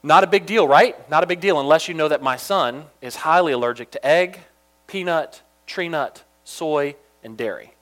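A young man from Georgia telling a funny personal story in an animated, chatty way, full of asides. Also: on the high side, normal speed.

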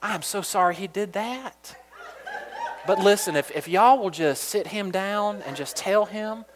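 A man's voice: sits high, measured pace, voice pushed up. A man putting on a sweet Georgia drawl. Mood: pleading. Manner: sugary, pleading. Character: himself laying on a sweet Southern drawl.

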